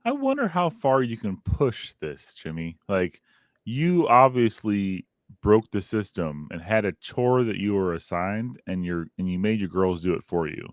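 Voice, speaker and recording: A man's voice: fairly low pitch, very animated, measured pace, no echo, clean studio sound. A man co-hosting a parenting podcast, joking playfully and laughing often. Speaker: podcast co-host. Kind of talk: casual chat.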